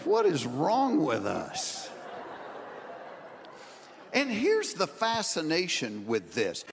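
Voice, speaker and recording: Guy doing stand-up on stage, high-ish voice, crowd noise and laughs behind him. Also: huge pitch swings, takes it slowly, gravelly. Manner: drawling storyteller, acts out quotes, builds to shouting punchlines. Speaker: stand-up comedian. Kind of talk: stand-up storytelling. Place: stage in front of a live audience. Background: audience laughter.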